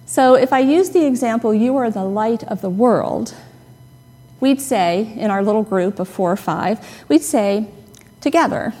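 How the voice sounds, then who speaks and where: A woman pastor giving a conversational, gently humorous sermon, stressing key words. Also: on the high side, expressive, unhurried. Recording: long reverb of a hall.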